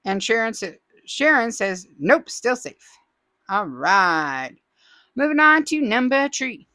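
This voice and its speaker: Chatty woman host with a bouncy, lively voice. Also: on the high side, a little slow, no room sound. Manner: chatty, playful, teasing asides. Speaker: host of a crafting channel. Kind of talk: casual chat reading viewer comments.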